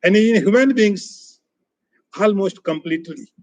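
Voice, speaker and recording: A man teaching as a spiritual teacher in a scripture lecture, speaking in short, emphatic, repeated phrases that often trail off softer. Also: sits high, measured pace, dry recording, low-quality recording.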